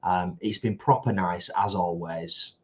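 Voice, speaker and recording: A man's voice: sits low, fairly even intonation, a little slow, dull audio. A British man co-hosting a live stream, chatting casually, reading out viewer comments and laughing easily.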